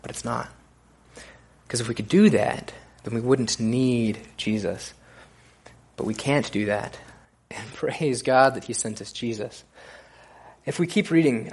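A man preaching a conversational sermon in a relaxed way, often pausing with fillers and restarting his sentences. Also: mid-range voice. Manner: casual, relaxed delivery with frequent fillers and restarts.

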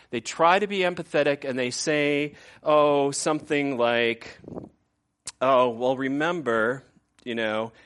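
A man in his fifties preaching a conversational sermon as pastor, often acting out what people say. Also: a little high. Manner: conversational, animated, acts out quoted voices.

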